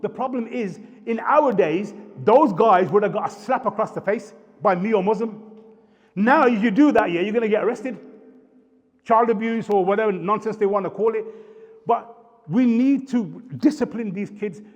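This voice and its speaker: A man's voice: high voice, moderate pace. A man with a Birmingham accent speaking on a live panel, blunt and scolding, using street slang. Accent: Birmingham English. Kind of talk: impassioned live talk. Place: community centre hall. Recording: roomy hall, dull sound.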